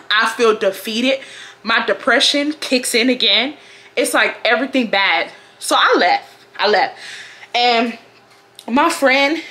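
Lively, bright-voiced young woman from Houston. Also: on the high side. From Houston, Texas. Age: 20s. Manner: animated, acts out quotes with big laughing outbursts. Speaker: vlogger. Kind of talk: casual storytime.

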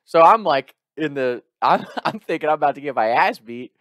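A young man tells a story casually, talking animatedly, swearing often and breaking off into quick asides and restarts. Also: a little high, expressive, a bit bright, no echo, clean studio sound.

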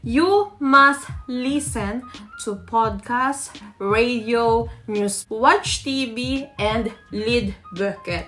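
A woman's voice: on the high side, extremely slow, bright, forceful tone, soft background music. A woman, giving a language tutorial to camera and explaining her tips step by step. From Philippines. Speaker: language teacher.

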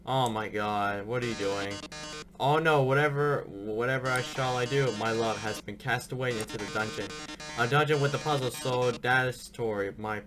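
A man's voice: mid-range voice, normal speed, lightly acted. A man playing Mettaton, a theatrical killer robot. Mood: mock-tragic. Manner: theatrical, mock-sorrowful, drawling "darling". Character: flamboyant male killer robot TV star. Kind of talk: reading game dialogue aloud. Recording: game music behind.

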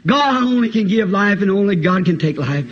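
A woman's voice: medium pitch, expressive, normal speed, slightly rough. A man voicing a mother who earnestly begs for her son's life, on a dull lo-fi 1960s tape. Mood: pleading. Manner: earnest, imploring.

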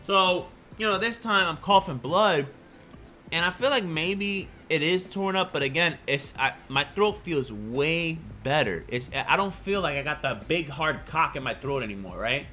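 A young man vlogging, telling a personal story in a casual, animated way, full of slang and crude jokes. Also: fairly high pitch, moderate pace, soft background music.

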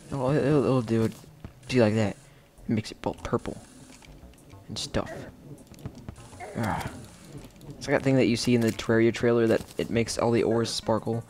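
Gravelly-voiced man narrating gameplay casually. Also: medium pitch. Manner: chatty, playful, bursts of excited shouting. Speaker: gameplay video host.

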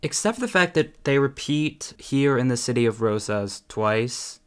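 A man's voice: medium pitch, lively intonation, clear, resonant tone. Sarcastic young man critiquing lyrics. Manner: sarcastic and critical, with quick asides. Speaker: YouTuber. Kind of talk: casual commentary on song lyrics.

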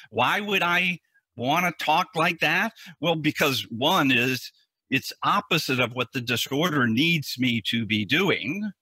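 Forceful husky man explaining therapy. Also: mid-range voice, no room sound. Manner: earnest, explanatory, restarts and repeats words. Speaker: anxiety therapist. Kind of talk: explaining in a podcast interview.

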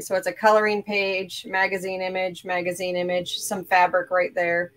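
A woman's voice: lowish voice, low-quality recording. A woman hosting a crafting show, chatting casually and upbeat while showing her projects.

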